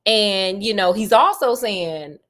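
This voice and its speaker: A woman's voice: mid-range voice, animated, takes it slowly, a bit bright. A woman casually retelling a classic detective story with slang and teasing asides.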